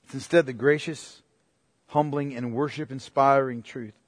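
A man's voice: steady tone, no echo, studio quality. A man preaching a sermon, emphatic and searching, calling his listeners "beloved" and pressing them with questions. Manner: emphatic, rising to forceful preaching, then dropping low and slow; addresses listeners as "beloved", asks pointed questions. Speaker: pastor.

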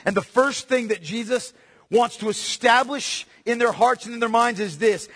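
A male pastor preaching a sermon, emphatic and repetitive, swinging from soft to loud. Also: extremely high pitch, moderate pace, breathy edge. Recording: long hall reverb.

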